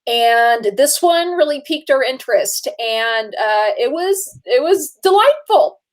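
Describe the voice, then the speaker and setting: A woman co-hosting a casual live movie chat, talkative and quick to laugh, with many fillers. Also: high-pitched, animated. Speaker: co-host.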